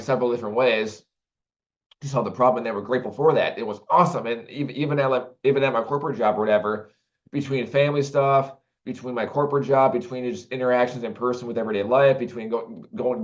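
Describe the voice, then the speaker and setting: Guy rambling to the camera, lots of restarts and fillers, kinda muffled lo-fi audio. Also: medium pitch. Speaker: vlogger. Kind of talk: casual monologue to camera. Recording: dull lo-fi recording.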